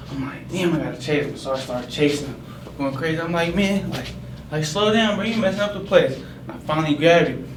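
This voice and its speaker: Slangy young Bay man, echoey. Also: mid-range voice. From San Francisco Bay Area. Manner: casual slangy retelling, many fillers of "like", animated when quoting himself. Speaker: storyteller. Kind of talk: personal spoken storytelling. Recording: echoey room, mic far off, noisy background.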